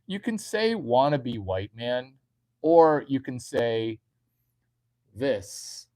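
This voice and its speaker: A man's voice: medium pitch, sing-song, drawn-out words, long pauses, a little mellow. A man, a comedian, giving a crude, rambling comedic monologue to online viewers and repeating his punchlines. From United States.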